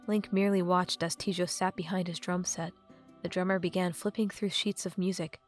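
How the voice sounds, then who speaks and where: A woman's voice: fairly low pitch, steady tone, fairly quick, soft background music. A woman narrating a fantasy novel as an audiobook reader.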